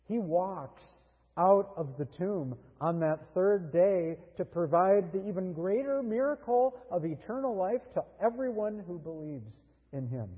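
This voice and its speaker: A man preaching a sermon as pastor, earnest and deliberate, with dramatic pauses. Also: high voice, expressive, husky, big-room sound, narrow, tinny audio.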